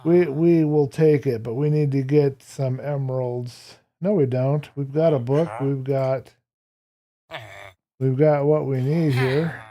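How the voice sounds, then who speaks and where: A man with a medium-pitched, fairly even voice speaks slowly over dull-sounding audio. Streaming a building game, he offers casual commentary, talking to his viewers and the game's characters and chuckling often.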